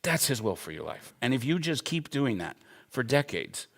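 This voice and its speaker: A man's voice: medium pitch, sing-song, normal speed, gravelly, fairly bright tone. A man in his forties teaching at a Bible school, talking in an earnest, emphatic, conversational way and telling personal stories. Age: 40s.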